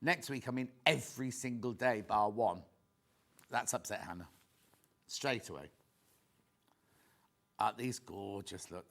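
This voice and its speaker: A man presenting on a TV shopping channel, chatting excitedly and tossing quick asides to viewers and crew. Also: mid-range voice. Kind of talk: live TV selling chat.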